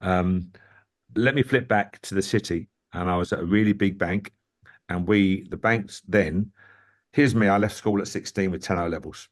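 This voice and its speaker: A man, a football manager, telling lively stories in an interview and often addressing the host by name. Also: low-pitched, normal speed. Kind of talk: anecdotal interview storytelling.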